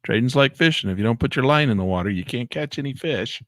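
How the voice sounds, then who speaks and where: A man giving excitable live commentary on his day trades, talking to himself and exclaiming as prices move. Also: mid-range voice, fast, no echo, studio quality. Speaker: day trading educator.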